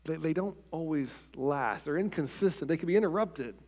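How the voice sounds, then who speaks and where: A man preaching a sermon in an earnest way, often repeating words as he starts a phrase and dropping to a soft, quiet voice on key points. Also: on the high side, animated, moderate pace.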